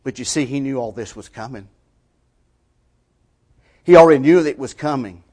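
Here a man preaches at a moderate pace in a mid-range voice. His plain, colloquial sermon alternates between emphatic, loud stretches and hushed, near-whispered moments.

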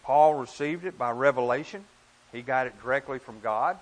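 A man's voice: normal speed, low-quality recording. Earnest man preaching a sermon. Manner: earnest, emphatic, rises and drops in pitch and volume.

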